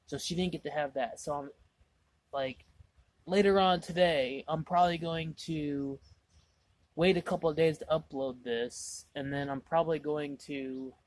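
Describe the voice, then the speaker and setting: A man's voice: fairly high pitch, fairly even intonation, measured pace. A man vlogging casually, rambling through a story with lots of "I was like" asides, exasperated and mocking himself.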